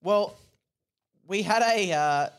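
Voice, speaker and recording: A man's voice: high voice, slow pace, smooth. A man co-hosting a comedy podcast, chatting casually with jokey asides. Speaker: podcast co-host. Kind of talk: casual comedy chat, reading a parody novel aloud.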